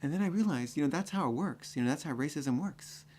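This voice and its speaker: A man with a fairly high voice telling a personal story from his own life. He talks loosely and conversationally, leaning on fillers like "you know" and "like." The delivery is relaxed and unscripted. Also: quick pace. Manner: conversational, full of fillers, builds to excited acting-out.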